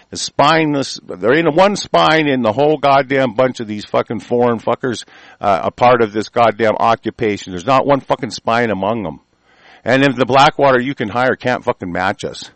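A man's voice: medium pitch, no room sound. Furious profane man ranting. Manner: profane, shouting in bursts, trailing off into mutters. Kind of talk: angry monologue rant.

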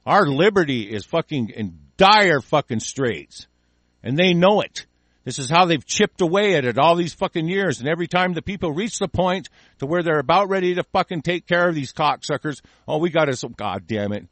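A man's voice: fairly high pitch, expressive, moderate pace, fairly bright tone, no room sound. A man hosting a call-in show, delivering an angry, profane political rant in heated bursts.

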